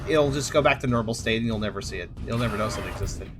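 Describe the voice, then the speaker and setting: A man's voice: on the low side, a little fast, soft background music. A man hosting a let's play, talking through a game in a chatty way with muttered asides and frequent laughs. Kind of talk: gameplay commentary.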